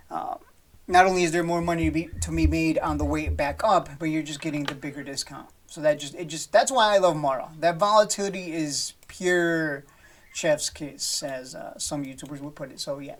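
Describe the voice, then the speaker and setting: A man giving casual stock market commentary over charts, blunt and profane, rambling with frequent restarts. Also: fairly high pitch. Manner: blunt, swears freely, dismissive of panic; loose and rambling with many restarts and fillers.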